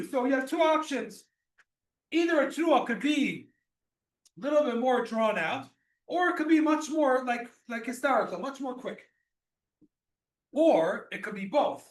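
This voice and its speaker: A man with a very high voice speaks unhurriedly, with lively intonation and long pauses, as he teaches a religious law class. He explains patiently, repeats and restarts himself, and sounds far from the mic in an echo-filled room.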